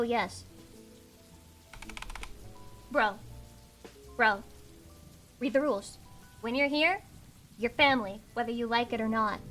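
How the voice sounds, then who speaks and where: A woman's voice: fairly high pitch, fairly bright tone. A young adult woman streaming live, bantering with chat in a brash, swearing way. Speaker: VTuber streamer.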